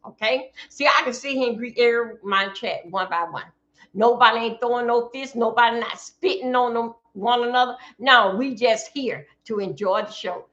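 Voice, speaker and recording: A woman's voice: a little high, bright, forceful tone, highs cut off. A woman from Florida, giving blunt casual commentary to her live-stream chat from home.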